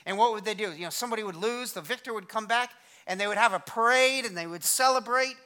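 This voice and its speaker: A middle-aged male pastor giving a sermon in a conversational, energetic way, with self-deprecating humor. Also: sits high, fast.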